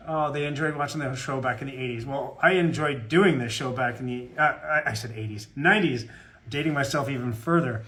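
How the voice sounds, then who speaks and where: A man's voice: mid-range voice, a little fast, a bit bright. A man chatting casually with fans on a live autograph stream, rambling and joking in a self-deprecating way. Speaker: guest voice actor at a fan autograph Q&A.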